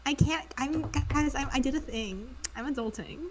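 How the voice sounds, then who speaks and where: A woman's voice: sits high, normal speed, a little hiss or hum. A woman joining a game stream as a guest, chatting casually and joking, with bursts of laughter. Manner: animated, jokey, bursts of laughter. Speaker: guest co-player. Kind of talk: casual gaming stream chat.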